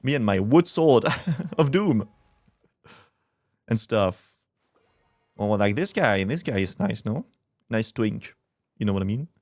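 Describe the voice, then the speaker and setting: A man's voice: on the low side, expressive, takes it slowly, pauses often, a little mellow, dry recording. Guy streaming a game, joking and swearing, voice bounces around a lot, dry close mic. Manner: joking, crude, laughing. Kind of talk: casual game commentary.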